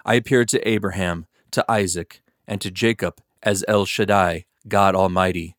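A solemn almighty god speaks in measured, weighty promises, as a man reading scripture gives him voice. The tone is low and close, with no room sound. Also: fairly even intonation, dry recording, natural voice.

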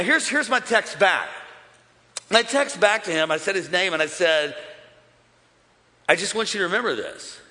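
A man preaching a sermon to a large church crowd, energetic and building to shouts. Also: sits high. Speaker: pastor. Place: large church with overflow campuses. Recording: long hall reverb.

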